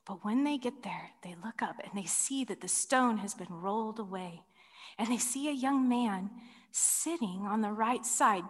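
A woman preaching a sermon as a dramatic story, moving between loud cries and hushed whispers. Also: fairly high pitch. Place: large hall with ceiling. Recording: long reverb in a large hall.

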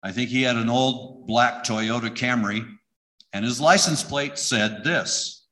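A man's voice: mid-range voice, a little slow, sharp tone. A middle-aged man giving an emotional personal testimony in conversational storytelling. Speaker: church member giving testimony.

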